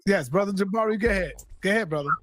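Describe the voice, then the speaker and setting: A man moderating a live online debate show, firmly and repeatedly telling his guests to calm down. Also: high voice, rapid-fire. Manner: repeatedly tells others to calm down, soothing but firm.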